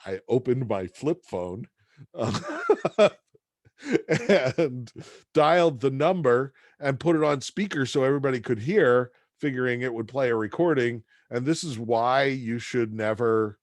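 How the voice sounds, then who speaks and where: Slow, rambling male instructor. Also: medium pitch, darkish tone, no echo. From near Boston, USA. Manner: rambling, hesitant, lots of fillers and restarts. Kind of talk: classroom lecture storytelling.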